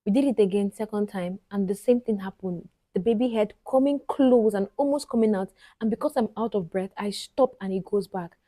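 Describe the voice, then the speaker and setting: A woman's voice: medium pitch, brisk, hardly any pauses, warm tone, dry recording. A Nigerian woman vlogger telling a personal story to camera, chatty and often talking straight to her viewers. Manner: chatty, frequently addresses viewers directly.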